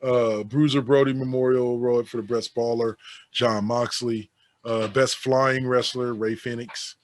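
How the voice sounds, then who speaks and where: A man co-hosting a casual podcast, reading through an awards list with sarcastic asides. His voice sits at an ordinary middle pitch. It sounds dry and close, with no room echo. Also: level tone, measured pace. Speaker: podcast co-host.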